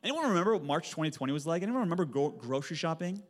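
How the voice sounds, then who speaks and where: A man, preaching a sermon in a church, telling stories with animated swings from loud to hushed. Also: fairly high pitch, rapid-fire. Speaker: pastor. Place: church sanctuary. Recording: long hall reverb.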